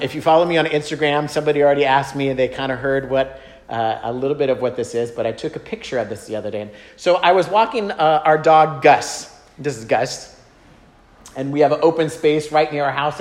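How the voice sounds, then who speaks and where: A man preaching a conversational sermon, telling a self-deprecating personal story with frequent fillers and asides. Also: a little high. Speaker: pastor. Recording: echoey hall, faint room noise.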